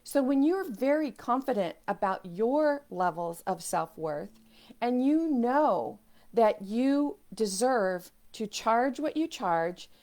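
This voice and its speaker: A woman's voice: fairly high pitch, animated, slow pace, darkish tone. A woman coaching on self-worth in a motivational video talk, earnest, now and then voicing inner doubts as quoted asides.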